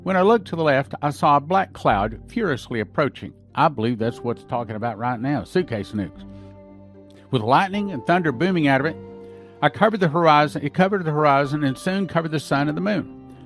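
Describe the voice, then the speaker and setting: A man's voice: on the high side, animated, brisk, faint music behind. A man hosting a podcast, reading dreams and visions aloud and breaking off with his own asides. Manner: reads accounts, breaking off with asides. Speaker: podcast host. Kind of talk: reading prophecies aloud with commentary.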